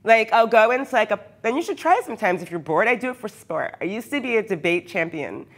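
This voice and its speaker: A woman's voice: a little high, sing-song, quick pace, a bit bright. A hyper, chatty woman who often laughs, talking casually with her live viewers from her workshop. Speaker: cosplayer streaming live. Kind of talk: casual livestream chat with viewers.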